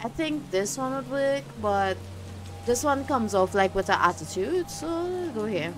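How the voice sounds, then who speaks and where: Slow, musing woman gaming. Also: on the high side, animated. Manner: musing, talks through choices. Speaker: game streamer. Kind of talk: let's play commentary. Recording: game music behind.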